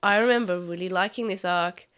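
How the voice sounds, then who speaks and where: A woman's voice: fairly low pitch, a little fast, fairly bright tone. A woman co-hosting a podcast in casual chat, chatty and enthusiastic. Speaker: podcast co-host.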